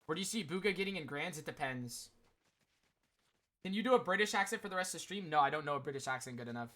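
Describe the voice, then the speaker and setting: Bright, rambling male streamer. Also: a little high, animated, fast. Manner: rambling, many "like" fillers, talks to chat. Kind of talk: casual livestream chat commentary.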